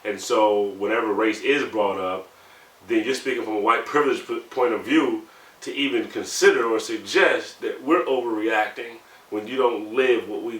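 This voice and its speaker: Bright-voiced man in his thirties, roomy echo. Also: fairly low pitch. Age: 30s. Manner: conversational, heated when recounting, many "you know" fillers. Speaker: navy sailor interviewee. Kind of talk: candid personal storytelling. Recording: roomy sound, mic at a distance, faint background hum.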